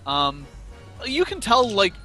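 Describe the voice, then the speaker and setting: A man's voice: a little high, big pitch swings, a little slow, bright, forceful tone, soft background music. A man running a tabletop game as game master, describing scenes and rulings in an easygoing way with many fillers. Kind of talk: narrating a tabletop game over voice chat.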